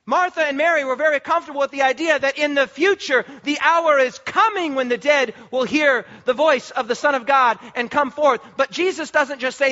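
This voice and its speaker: A man preaching a sermon with passion, repeating phrases and rising to shouts for emphasis. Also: extremely high pitch, fairly quick, few pauses, highs cut off.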